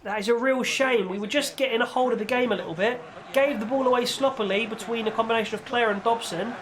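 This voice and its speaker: A man's voice: very high-pitched, fast. A young man giving casual, exasperated play-by-play on his own football video game. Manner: animated, exasperated play-by-play with pleading outbursts. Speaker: gaming YouTuber commentating his own match. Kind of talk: casual live game commentary.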